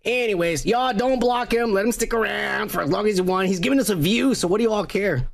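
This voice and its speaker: A man's voice: sits high, a little fast, gravelly. A man hosting a podcast, bantering crudely and teasing his co-host with lots of swearing. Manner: profane, boisterous, teasing.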